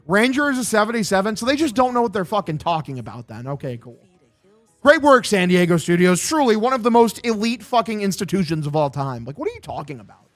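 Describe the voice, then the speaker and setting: A man's voice: sits high, sing-song, quick pace, faint music behind. A young man streaming a baseball video game, calling plays like an announcer and ranting bluntly with lots of swearing. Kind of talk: casual gaming stream commentary.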